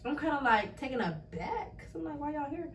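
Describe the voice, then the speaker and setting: A nineteen-year-old woman telling a story to her family in a casual chat, lively and quick to laugh, acting out what each person said. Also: high-pitched. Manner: animated, acts out quoted voices, laughs often. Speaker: podcast guest. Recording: echoey room, mic at a distance, faint noise.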